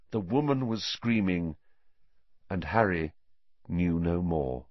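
Expressive husky male audiobook narrator. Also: lowish voice, slow pace, no room sound. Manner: dramatic, shifting pace with the action. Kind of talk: storybook audiobook reading. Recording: dull dry lo-fi sound.

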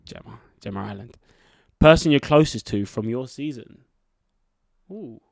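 A young man, hosting a podcast and firing off quick questions with plenty of laughter. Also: medium pitch, lively intonation, creaky. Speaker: podcast host. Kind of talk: casual interview.

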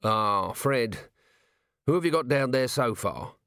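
A man's voice: medium pitch, expressive, slow, a bit bright, clean tone, no echo, studio quality. A man voicing a brusque, harried watch commander. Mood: urgent. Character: harried middle-aged male watch commander, gruff.

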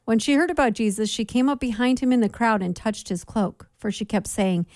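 A woman reads scripture aloud in a measured, steady way, her voice sitting a little high. The sound is close and dry, with no room around it. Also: no echo. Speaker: scripture reader. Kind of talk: measured Bible reading.

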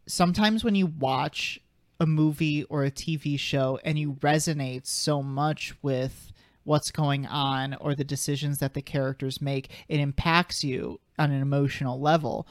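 A podcast co-host in his twenties, this man has a voice on the high side with fairly even intonation and a measured pace. The recording is dry and of studio quality, and his casual chat rambles with plenty of fillers and side tracks.

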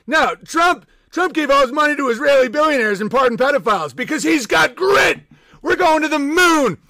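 Man doing a high, whiny caricature of a greedy conservative guy, nasal and sneering, voice pushed up and strained. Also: takes it slowly, vocal fry, bright, forceful tone, no room sound, studio quality, full character voice. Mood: whining mockery.

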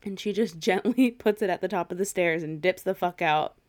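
A young woman co-hosting a podcast, casually recapping a film in an animated, sweary way and laughing often. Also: fairly low pitch, fairly quick. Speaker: podcast co-host.

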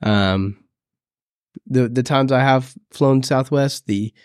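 A man co-hosting a podcast, chatting casually in a hesitant, halting way. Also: medium pitch, smooth, dry recording, clean studio sound. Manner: hesitant, halting, many restarts and fillers. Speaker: podcast co-host. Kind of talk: casual chat.

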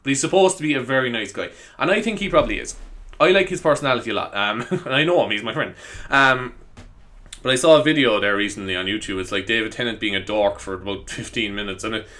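A man's voice: mid-range voice, fast talker, pushed and bright. A young man hosting a podcast, chatting casually and rambling, often laughing and swearing. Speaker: podcast host. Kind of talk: casual solo podcast chat.

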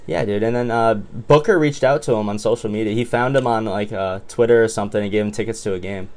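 A man's voice: fairly low pitch, fast. A man co-hosting a casual sports podcast, steering the topic and teasing his co-host. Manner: relaxed, teasing, drives the topic with segues.

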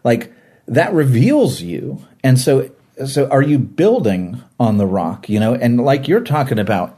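A man's voice: mid-range voice, mellow, breathy edge. A man discussing a Bible passage in an earnest conversational way, sometimes acting out quoted voices. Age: adult, former teacher. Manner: earnest, acts out quoted voices, laughs easily.

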